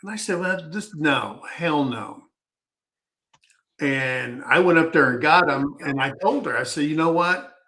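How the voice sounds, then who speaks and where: A man's voice: a little high, moderate pace, pushed and bright. A man telling a personal story in a casual, rambling, folksy way, often stopping to restart his sentences.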